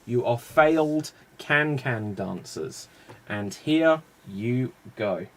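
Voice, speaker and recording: A man's voice: medium pitch, expressive, slow. A man with a British accent hosting a live improv comedy show, announcing scenes and explaining game rules in an upbeat way.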